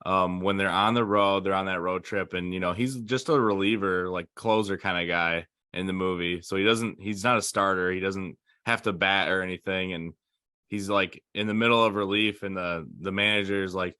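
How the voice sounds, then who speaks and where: A man co-hosting a casual podcast, retelling scenes with lively, laughing energy. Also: sits low, moderate pace, clean tone, no echo, clean studio sound. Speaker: podcast co-host. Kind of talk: casual chat.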